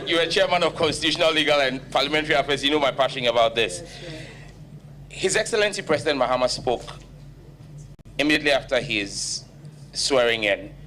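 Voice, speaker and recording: A man's voice: medium pitch, pushed and bright, a little hiss or hum. A man with a Ghanaian accent answering as a nominee at a parliamentary vetting, firm and emphatic. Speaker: ministerial nominee.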